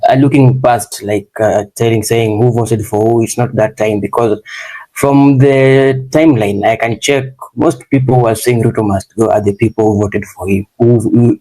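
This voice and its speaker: A man moderating an online discussion, speaking in a measured, hesitant way with many fillers. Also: mid-range voice, darkish tone, rough recording.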